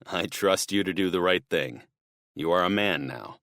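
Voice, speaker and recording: Casting: a man voicing a deep, protective middle-aged dad, calm and firm, audiobook reading. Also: moderate pace, no echo, studio quality. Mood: firm worried. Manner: calm, firm, serious instructions. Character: steady middle-aged father, protective and practical.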